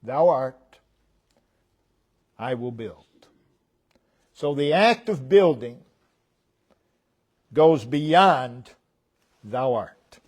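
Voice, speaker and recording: A man preaching a sermon as pastor. He speaks deliberately and stresses key words loudly, then drops his voice low at the ends of phrases. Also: animated. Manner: emphatic, deliberate, with sharp swings between loud stresses and quiet drops. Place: church.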